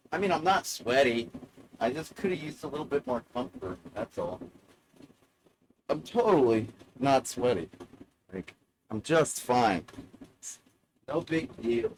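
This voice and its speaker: A man's voice: mid-range voice, sing-song, unhurried, long pauses, noisy background. A man streaming live, rambling in a sardonic, self-mocking way and swearing freely.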